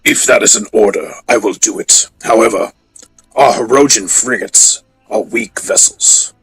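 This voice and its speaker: A man's voice: medium pitch, very animated, unhurried, gravelly, over music, low-quality recording. A man voicing a proud male alien hunter warrior who speaks formally and tersely. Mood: dutiful.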